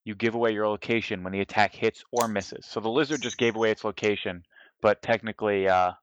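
A man's voice: on the low side, fairly even intonation, quick pace, lo-fi sound, a little hiss or hum. A man playing a tabletop game, counting his moves aloud and reading the rules out carefully. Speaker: player.

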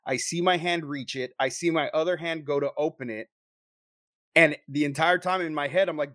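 A young man with a slightly high voice tells a story to friends, swearing constantly and acting out every quote with rising energy. The sound is dry and close, with no room behind him. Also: moderate pace, no echo. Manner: profane, animated storyteller who acts out quotes. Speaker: paranormal investigator telling a story. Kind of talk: casual storytelling among friends.

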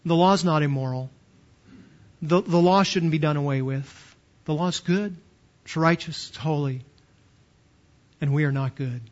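A middle-aged man delivering a sermon from the pulpit, his voice sitting high. He speaks emphatically, often repeating words as he leans into a point. The recording is muffled and lo-fi, as if captured in a church. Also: a little slow, long pauses, a little mellow. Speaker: pastor.

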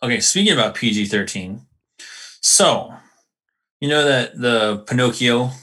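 A man co-hosting a casual podcast, telling a story in animated, slangy chat full of swearing. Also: mid-range voice, measured pace, husky. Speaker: podcast co-host.

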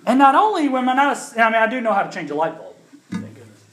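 A man's voice: very high-pitched, very animated, fast, a bit bright, roomy sound. A man, a pastor, preaching a sermon that moves from casual storytelling to emphatic proclamation. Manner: conversational, building to emphatic preaching.

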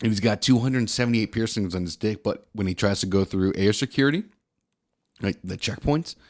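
A man co-hosting a casual comedy podcast, telling crude jokes and animated stories. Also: lowish voice, brisk. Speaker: podcast co-host.

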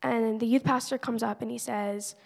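Teen girl, slightly high voice with gravelly fry, earnest testimony, long reverb of a church hall. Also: steady tone, normal speed. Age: teenager. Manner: earnest, conversational, many "like" fillers. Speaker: church member giving a testimony. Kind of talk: personal faith testimony.

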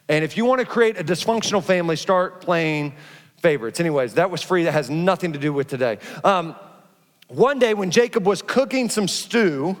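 A middle-aged pastor with a high voice preaches a sermon, acting out his stories with lively energy and frequent restarts. His voice rings with the long reverb of a large church hall. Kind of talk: sermon with personal storytelling.

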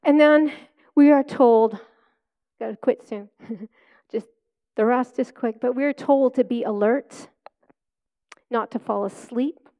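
A woman's voice: a little high, takes it slowly, pauses often, muffled recording. A middle-aged woman preaching, telling a personal testimony in a chatty storytelling way that often breaks into laughter.

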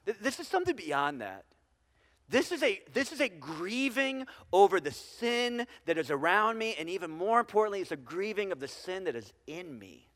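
A man's voice: sits high, big pitch swings, moderate pace, fairly bright tone. A man preaching a sermon to a congregation, talking conversationally with restarts and frequent tag questions. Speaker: pastor. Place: church sanctuary with congregation. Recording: church hall reverb.

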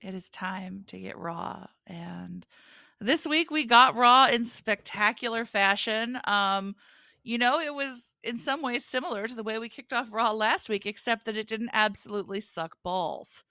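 Bright-voiced woman podcast co-host. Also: on the high side, no echo, studio quality. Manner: playful, jokey, quick to laugh. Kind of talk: casual wrestling podcast chat.

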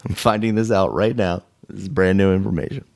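A man's voice: low-pitched, fairly even intonation, a little fast, gravelly, no room sound, studio quality. A man hosting a podcast in casual chat, laid-back and chuckling often. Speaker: podcast host.

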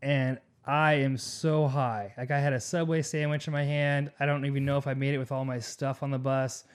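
A young man at an everyday middle pitch tells a story in loose, casual podcast talk. He swears freely and strings his thoughts together with fillers and restarts. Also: moderate pace, smooth. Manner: profane, animated, rambling with many fillers. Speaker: podcast co-host.

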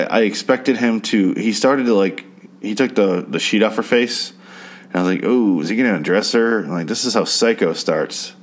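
A man recapping a TV episode in a crude, sarcastic, rambling way, now and then mimicking characters. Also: fairly low pitch. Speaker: TV show recapper. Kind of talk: casual spoken TV recap.

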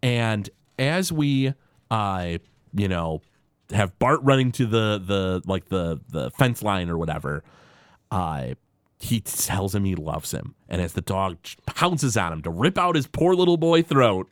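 Lively man recapping episodes, dry mic. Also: on the low side, a little slow, smooth, dry recording. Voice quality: animated, acts out quoted characters in shifting voices. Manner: filler-heavy, frequent "uh" restarts. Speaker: podcast co-host. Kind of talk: casual podcast recap.

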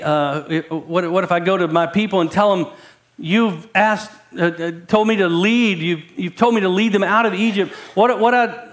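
A pastor preaching a sermon in a conversational way, repeating words and building emphasis. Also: male voice, sits high, fairly bright tone.

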